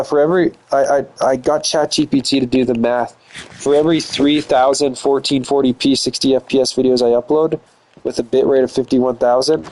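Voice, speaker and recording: Streamer guy ranting and swearing, mid-pitched voice, casual. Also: darkish tone, poor audio. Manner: crude trash talk, profane, boastful.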